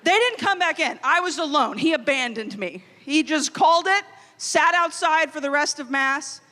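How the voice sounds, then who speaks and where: Bright high-voiced woman telling a comic story. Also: moderate pace. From Louisiana. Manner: animated, comic storytelling with quoted inner voices. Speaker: youth conference speaker. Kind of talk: storytelling keynote talk. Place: large hall. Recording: long hall reverb.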